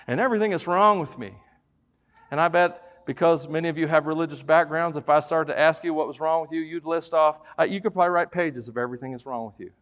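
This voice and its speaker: A man preaching a sermon in church as pastor, swinging between loud preaching and quiet, joking asides. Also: on the high side, fast.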